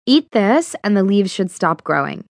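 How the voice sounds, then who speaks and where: A woman voicing a young witch friend who hesitates and drawls with fillers, in a higher voice than her narration. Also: big pitch swings, moderate pace, no room sound, clean studio sound. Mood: matter-of-fact.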